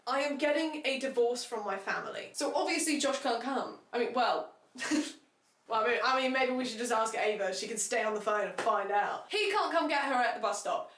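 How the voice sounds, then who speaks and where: A sarcastic woman tears through a book plot in a comedic recap, tossing off asides as she goes. Her voice sits a little high and rings in an echoey room. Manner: sarcastic, animated storytelling with asides. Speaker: book reviewer.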